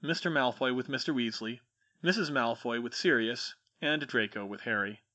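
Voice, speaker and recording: A man reading a fan fiction chapter aloud as narrator, with expressive storytelling. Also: mid-range voice, moderate pace. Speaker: audiobook reader.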